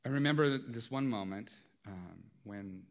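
A man preaching a sermon in a conversational way, dropping to a hush and then rising loud and intense, often asking "right?". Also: lowish voice, lively intonation, a little slow. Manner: swings from hushed to loud and intense; conversational, repeats phrases and asks "right?". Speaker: pastor.

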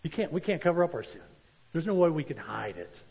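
Husky male preacher, emphatic sermon, lots of repeating, long echoey hall. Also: fairly high pitch, very animated, fast, darkish tone. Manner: emphatic, repeats points for stress. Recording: long church-hall reverb.

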